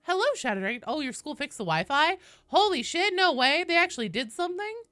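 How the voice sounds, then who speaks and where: A woman's voice: high voice, big pitch swings, a little fast, fairly bright tone, no echo, clean studio sound. A young woman streaming a game, chatting casually and upbeat with viewers, swearing now and then and greeting people by name.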